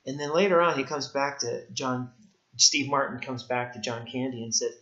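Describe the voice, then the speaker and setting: Male instructor, emphatic lecture, bright clear voice, roomy dull recording. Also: medium pitch, steady tone, normal speed. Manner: emphatic, repeats key points. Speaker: writing instructor. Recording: echoey room, dull lo-fi sound.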